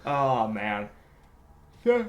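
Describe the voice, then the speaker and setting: A man's voice: mid-range voice, sing-song, extremely slow. A man playing in a tabletop game, chatting casually and swearing freely. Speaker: player.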